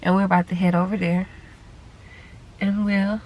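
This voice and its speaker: A woman's voice: medium pitch, flat delivery, normal speed, darkish tone. A woman vlogging a casual update to her viewers as a mother, chatty and talking straight to camera.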